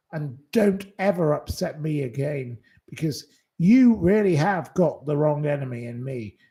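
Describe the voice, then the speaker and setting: Slow, indignant man scolding. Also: on the high side, dark tone. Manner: indignant, scolding, blunt and profane; repeats short dismissals. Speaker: live-stream host. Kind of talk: live-stream chat, answering commenters.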